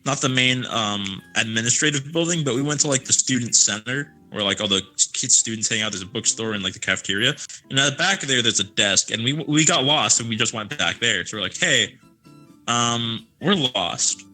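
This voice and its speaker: A man's voice: mid-range voice, brisk, bright, forceful tone, soft background music, poor audio. A young man co-hosting a podcast, telling a rambling, swear-filled story in casual chat. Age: young adult. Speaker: podcast co-host.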